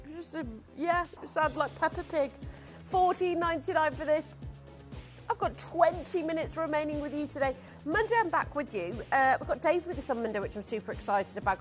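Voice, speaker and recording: A woman hosting a live TV shopping show, selling jewelry in chatty, self-mocking patter while congested and throaty from hay fever. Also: high voice. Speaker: shopping channel host. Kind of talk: live TV sales presentation.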